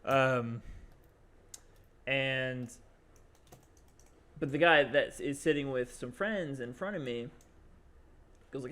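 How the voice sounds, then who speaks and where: A man's voice: medium pitch, takes it slowly, pauses often, a bit bright. A young man co-hosting a podcast, telling a long story in casual chat, rambling with lots of fillers and acted-out quotes. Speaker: podcast co-host.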